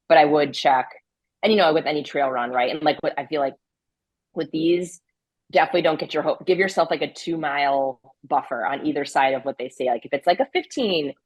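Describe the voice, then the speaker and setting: A low-pitched woman talks through a casual interview in a loose, chatty way. She leans on fillers and breaks into laughs often, and her voice sounds dry and close to the mic. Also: breathy edge, no echo, low-quality recording. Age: adult with a grown daughter. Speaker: interview guest, ultrarunner.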